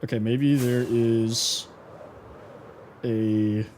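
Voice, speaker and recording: A man's voice: medium pitch, steady tone, extremely slow, darkish tone, a little hiss or hum. A man live-streaming a building game, chatting casually and teasing his viewers as he reads their messages. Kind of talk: casual gameplay live stream, reading chat.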